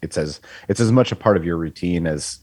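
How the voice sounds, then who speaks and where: A man's voice: low-pitched, brisk, darkish tone, no echo. A man co-hosting a casual business podcast on a video call, rambling loosely and filling his talk with "you know" and "like". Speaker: podcast co-host.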